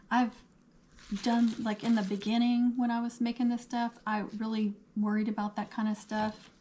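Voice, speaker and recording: A woman hosting a casual craft livestream, her voice a little hoarse, chatting and answering viewer comments as she works. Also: mid-range voice, darkish tone, slight background noise. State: losing her voice.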